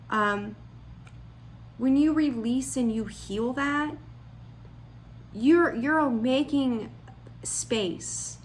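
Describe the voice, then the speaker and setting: A woman's voice: fairly high pitch, slight background noise. A woman giving a casual tarot reading, blunt and frank, scolding her listeners and rambling with restarts. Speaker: tarot reader.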